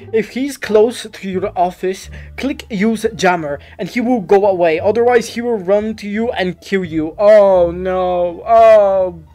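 A young, high-pitched gaming YouTuber who isn't a native English speaker plays a horror game, reacting out loud. He startles easily and talks to the characters on screen.

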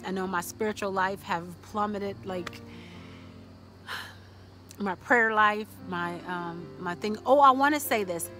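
A woman at a mid pitch talks straight to her viewers in a casual faith vlog. She is chatty and encouraging and leans on lots of fillers and restarts. Faint music plays softly behind her. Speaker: vlogger.

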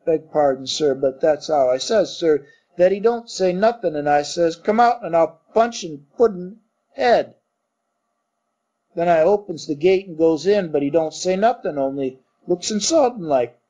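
A man doing a rough Cockney bellboy. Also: fairly high pitch, animated, unhurried, dark tone. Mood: gossipy. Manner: rough dropped-grammar working-class speech. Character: coarse young male Cockney bellboy, blunt and rattled. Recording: dull muffled recording.

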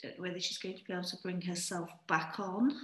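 Brisk woman host, echoey room. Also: on the low side, steady tone, fairly bright tone. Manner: practical, brisk organizing talk. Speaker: event host. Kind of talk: hosting announcements.

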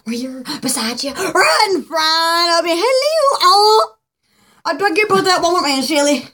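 A woman hosts a live-stream jewelry party with giddy, rambling chatter. Her voice sits very high and sounds bright, and her pitch swings widely. She keeps breaking into giggles and squeals. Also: sing-song, a little slow. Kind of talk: excitable live-stream sales chat.

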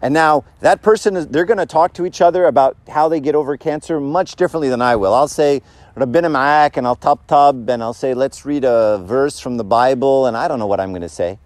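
A man's voice: on the high side, fast, hardly any pauses, darkish tone, no echo. A man giving a casual, conversational sermon, joking and asking the audience questions. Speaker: church speaker.

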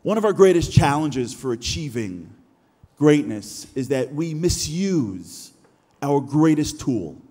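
A man delivering a motivational keynote speech, animated and acting out imagined inner voices. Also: takes it slowly. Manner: animated, acts out imagined thoughts with rising pitch. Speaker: keynote speaker. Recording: reverberant hall.

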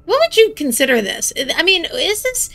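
A young woman commentating on her gameplay in a high, bright voice with a gravelly edge. She chats casually, makes jokey asides and is quick to be startled. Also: sing-song. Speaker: gaming channel host.

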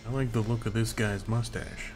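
Young man, comedic gameplay commentary, crude jokes, lowish voice, game music. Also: moderate pace. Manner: joking, crude, excitable. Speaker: let's play commentator.

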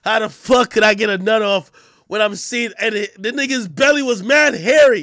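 A man streaming live, telling crude stories in loud, laughing casual chat with sudden yelps. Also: sits high, normal speed, no echo, clean studio sound.

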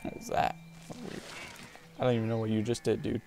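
Brief: male let's-play host, gravelly tone, jokey trash talk at in-game creatures. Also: on the low side, flat delivery, a little fast, music in the background. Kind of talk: casual gameplay commentary.

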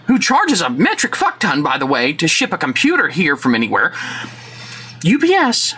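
Man, angry vlog rant, sarcastic, profane, bright tone, faint background hiss. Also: very high voice. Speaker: tech vlogger.

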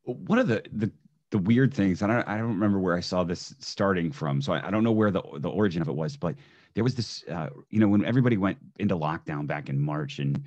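A man's voice: low-pitched, fast, a little mellow. A man as a podcast guest in casual chat, easygoing and hesitant, often restarting his sentences. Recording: dull lo-fi audio.

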